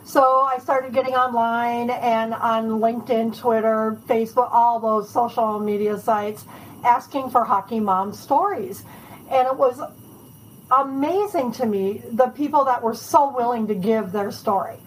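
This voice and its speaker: A woman author is the interview guest, a bit high in pitch. She tells her stories in a chatty, animated way with easy laughs. There is a faint hiss behind her. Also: measured pace, rough recording. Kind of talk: casual storytelling interview.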